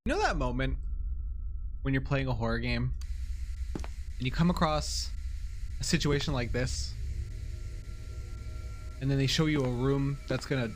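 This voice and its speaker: A man streaming video games live, commenting excitably, swearing often and laughing a lot. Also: medium pitch, unhurried, long pauses, soft background music. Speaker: game streamer.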